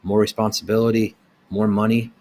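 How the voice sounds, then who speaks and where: A man's voice: fairly low pitch, level tone, brisk, darkish tone. A middle-aged man who owns a small business, delivering a blunt, heated opinion rant with rhetorical questions.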